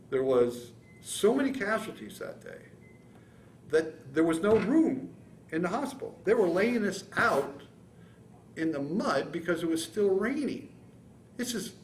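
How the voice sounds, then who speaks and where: A man in his seventies from San Francisco, telling his war story in an oral history interview, with halting restarts and acted-out quotes. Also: on the high side, roomy sound, a little hiss or hum. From San Francisco, California. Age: 70s. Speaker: veteran interviewee.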